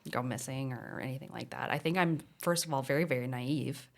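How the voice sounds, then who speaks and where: Deep-voiced mom in casual chat. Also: female voice, brisk, vocal fry. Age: 30s. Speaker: podcast co-host.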